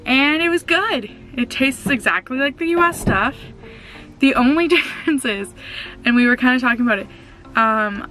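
A woman's voice: a little high, a bit bright. Chatty young woman vlogging from a car. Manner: chatty, rambling, with fillers and laughs. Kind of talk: casual vlog chat.

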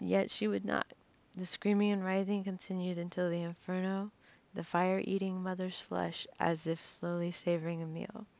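A woman with a low, gravelly voice reads a fantasy novel aloud, nervous and quick to stumble and correct herself. The recording is dull and lo-fi. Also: a little mellow. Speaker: reader.

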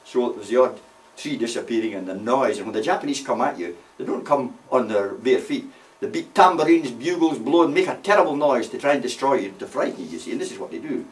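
A man's voice: mid-range voice, animated, quick pace. An older man, a war veteran telling rambling anecdotes with many "you see" asides. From Scotland. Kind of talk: anecdotal storytelling. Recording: voice from far off the mic.

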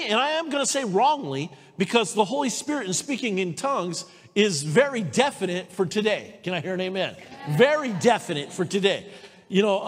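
A woman preaches a sermon in a church sanctuary. She tells stories energetically and keeps calling out for amens. Her voice rings with the long reverb of the hall. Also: mid-range voice. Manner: lively storytelling, calls for amens.

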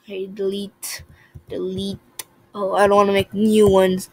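A young woman giving casual commentary while playing a puzzle game, excitable, swinging from muttering to shouting at the game. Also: medium pitch, a little slow, dry recording, poor audio. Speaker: gaming video creator.

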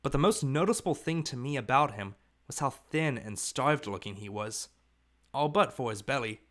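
A man reads a novel aloud as audiobook narration. His voice sits at an ordinary middle pitch, steady and measured. He tells the story plainly. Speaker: audiobook reader.

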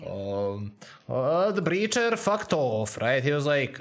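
A man's voice: medium pitch, sing-song, takes it slowly. Crude jokey guy streaming a game, headset mic right at his mouth. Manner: crude, joking, chatty, reads chat aloud. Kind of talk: casual live-stream commentary. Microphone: headset mic close to the mouth.

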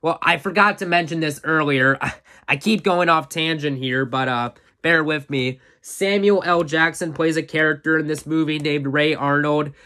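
A man's voice: fairly high pitch, normal speed, bright, forceful tone. A man casually recapping a favorite movie as a reviewer, rambling and full of fillers, an eager fan. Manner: rambling plot recap, full of "uh" and "you know"; enthusiastic fan, chuckles often.

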